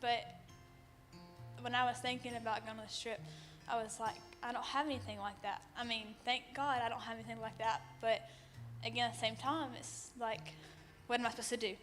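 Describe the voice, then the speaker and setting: A teenage girl, giving an emotional church testimony in a shaky, halting way with many ums. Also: on the high side, level tone, a bit bright, soft background music. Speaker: youth group member giving a testimony. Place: church sanctuary.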